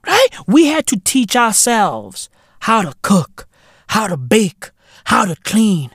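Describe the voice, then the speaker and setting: In studio-quality audio with no echo, a South African man hosting a podcast rants through a profane monologue heavy with slang fillers, animated throughout. His voice sits high and is husky, and he speaks slowly.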